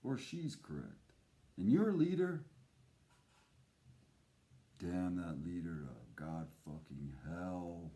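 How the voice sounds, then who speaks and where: Man, impassioned monologue, slow and emphatic, lively swooping pitch. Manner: intense, emphatic, repetitive. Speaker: speaker.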